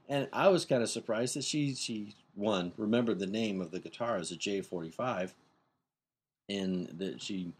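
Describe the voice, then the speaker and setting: A man's voice: on the low side, slightly rough. A middle-aged man casually telling a rambling story as a podcast host, acting out the voices of the people he quotes.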